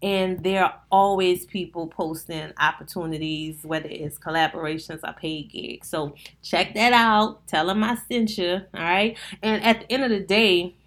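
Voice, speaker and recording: Speaking at a normal speed with few pauses, this woman's voice sits on the low side. She's a New Orleans-accented wedding planner chatting straight to listeners on her casual solo podcast, lively and down to earth.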